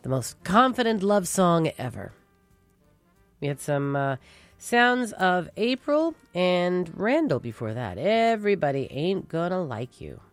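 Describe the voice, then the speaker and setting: A woman's voice: lowish voice, big pitch swings, unhurried, soft background music. Chatty Newfoundland woman on jazz radio. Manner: chatty, loose, with fillers. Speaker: radio host.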